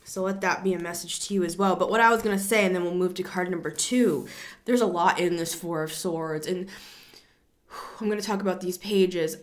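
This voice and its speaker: A middle-aged woman giving a casual tarot reading, rambling, repeating herself and building to excited emphasis. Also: on the low side, brisk. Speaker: tarot reader.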